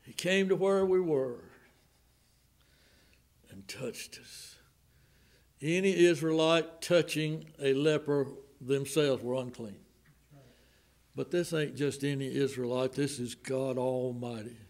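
A man with a Southern American accent preaching a sermon in a church, swinging from loud outbursts to hushed, slowed lines. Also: medium pitch, steady tone. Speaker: pastor. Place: church sanctuary.

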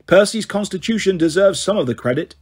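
A man voicing a wise old centaur mentor from a storybook, measured and firm, a touch husky and pitched a bit above his plain reading voice, patient but insistent. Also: animated. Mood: grave, gentle. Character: wise patient male centaur teacher, grave and kindly. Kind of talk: audiobook character reading.

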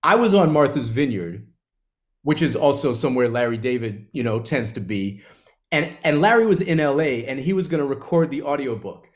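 A male author in a live onstage conversation, telling a story with energy. His voice sits in a middle pitch, and he slips into little acted-out quotes as he talks. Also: normal speed. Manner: animated storyteller, acts out quotes.

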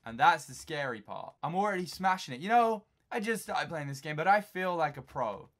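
A young man from England giving jokey, excitable commentary while playing a video game, talking to himself and breaking into sudden shouts. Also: on the high side, fairly quick. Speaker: gaming YouTuber.

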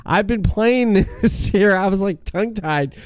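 A man's voice: high-pitched, unhurried, smooth, no room sound, clean studio sound. A man hosting a casual chat show, laughing often and swearing offhandedly. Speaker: talk show host.

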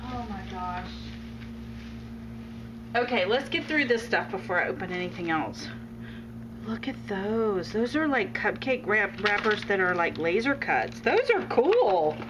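A woman's voice: medium pitch, big pitch swings, measured pace. A woman vlogging an unboxing of craft supplies, gushing and exclaiming with delight, gasping and laughing. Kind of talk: excited unboxing chat. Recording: noisy home recording.

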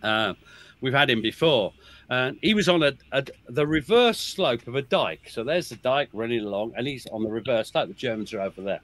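In a podcast conversation, a male guest oral historian tells soldiers' stories with obvious relish, chuckling frequently and starting sentences over. He speaks at a normal speed in a mid-range, slightly bright voice with lively intonation.

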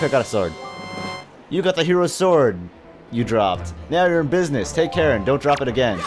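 A man giving excitable, jokey commentary while playing a video game, often yelping and exclaiming. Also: mid-range voice, moderate pace, soft background music. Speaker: let's play host. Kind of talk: gameplay commentary.

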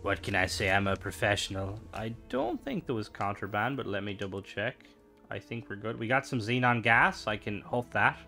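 A man's voice: fairly low pitch, big pitch swings, normal speed, vocal fry, sharp tone, soft background music. A young man streaming a game, chatting casually and rambling with lots of fillers and playful asides. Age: young adult. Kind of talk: casual chat while gaming.

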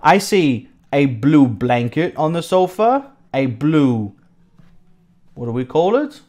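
Slow, lively-voiced English teacher. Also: mid-range voice. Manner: repeats each word slowly, asks checking questions; encouraging, praises answers. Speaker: English teacher for young pupils. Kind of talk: online vocabulary lesson narrating a house tour.

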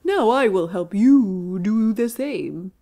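A woman reading a storybook, voicing a grateful, gentle female cow who speaks slowly and draws out her words. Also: medium pitch, lively intonation. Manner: slow, drawn-out.

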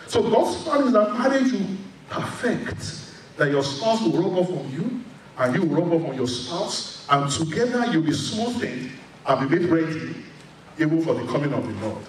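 A man's voice: a little high, slight background noise. A middle-aged male pastor preaching a sermon, emphatic and candid, openly confessing his own faults. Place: church sanctuary. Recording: very echoey hall, voice from far off.

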